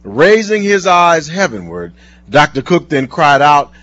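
Male preacher, husky, lively pitch, earnest sermon delivery, lo-fi sound. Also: no room sound. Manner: earnest, slowing down for scripture. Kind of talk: sermon with told stories and scripture reading. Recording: dull lo-fi recording.

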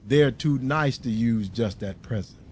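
A man reading aloud and voicing a young husband who speaks gently to his wife. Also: medium pitch, slight background noise, pitched below the performer's own voice, natural voice. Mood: calm. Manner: slow and bewildered at first. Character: young husband, dazed then tender.

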